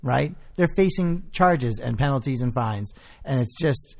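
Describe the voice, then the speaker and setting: A man co-hosting a podcast in casual chat, animated and quick, often laughing. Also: mid-range voice, creaky. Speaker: podcast co-host.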